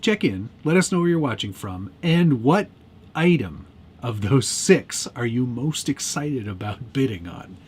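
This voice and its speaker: A man's voice: medium pitch, expressive, slight background noise. A man co-hosting a casual live stream, teasing his co-host and laughing often. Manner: joking, teasing, quick to laugh.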